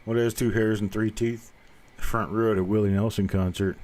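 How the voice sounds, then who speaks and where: Folksy older man with a lowish voice. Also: fairly even intonation, fairly quick, darkish tone. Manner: folksy, rambling storyteller who cracks jokes; plainspoken, reassuring to viewers. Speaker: host of a live coin roll hunting show. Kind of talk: casual live-stream chat.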